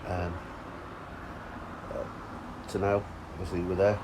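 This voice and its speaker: A man's voice: low-pitched, steady tone, slow, very noisy. A man chatting casually outdoors by a fishing lake, with sweary, teasing banter. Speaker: angler and vlog host. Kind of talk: casual chat.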